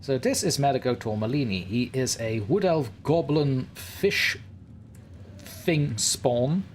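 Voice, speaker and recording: A male game streamer talking through a live let's-play in a playful, theatrical way. His pitch swings widely as he addresses viewers and characters on screen, with a faint hiss of noise behind him. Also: expressive, slow.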